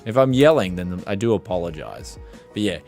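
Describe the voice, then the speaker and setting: Speaking briskly in a low-pitched voice strained by yelling, a man hosts a tech livestream. He chats casually and with animation, rambling and reading viewer questions aloud, while faint music plays.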